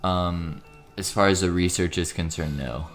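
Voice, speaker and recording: A man's voice: low-pitched, normal speed, faint music behind. A young man co-hosting a podcast, chatting casually and joking, rambling and laughing as he goes. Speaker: podcast co-host. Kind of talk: casual comedic podcast chat.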